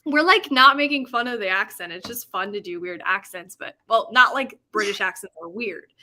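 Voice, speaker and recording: A woman's voice: medium pitch, lively intonation, normal speed, pushed and bright. A young woman hosting a live stream in casual chat, rambling and laughing often mid-sentence, and prone to over-explaining herself. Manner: self-conscious over-explaining. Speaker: livestream host.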